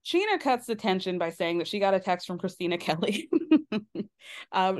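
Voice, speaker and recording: A woman hosting a casual reality TV recap podcast, animated, laughing often and acting out cast members' lines in mocking voices. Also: mid-range voice, normal speed. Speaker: podcast host.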